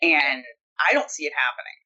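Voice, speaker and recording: A woman with a bright, forceful voice talks through the issue in a casual podcast chat. She is blunt and opinionated, with a sarcastic edge, and her pitch sits a little low. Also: expressive, normal speed, dull audio. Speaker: podcast co-host. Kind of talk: casual political discussion.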